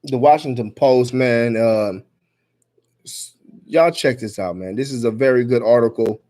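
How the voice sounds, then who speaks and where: A vlogger with a medium-pitched voice reads a news story aloud at an unhurried pace, then rants about it. He's angry and emphatic, swearing freely and rising to near-shouts.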